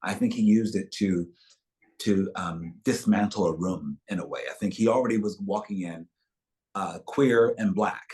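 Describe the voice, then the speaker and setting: A man's voice: sits low, normal speed, a little mellow. A man speaking as an actor guest in a webchat interview over a video call, reflective and expansive in the way he tells things.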